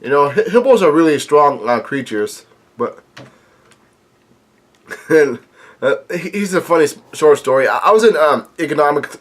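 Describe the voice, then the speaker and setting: A man's voice: on the high side, animated. A man hosting a reaction video, reading comic dialogue aloud and commenting, stumbling over words with frequent restarts. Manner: halting, frequent restarts and fillers.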